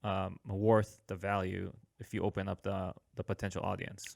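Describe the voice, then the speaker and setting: A man's voice: deep voice, flat delivery, moderate pace, vocal fry, no room sound, clean studio sound. A man hosting a podcast, talking earnestly with many hesitations and frequent laughs. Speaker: podcast host. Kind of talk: casual podcast chat.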